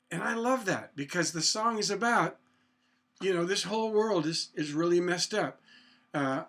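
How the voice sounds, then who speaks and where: A man's voice: high-pitched, fairly bright tone. A man giving a casual songwriting lesson, thinking aloud and humming bits of melody as he works out chords. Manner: thinks aloud, hums and sings snippets. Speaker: songwriting teacher. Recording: guitar playing behind the voice.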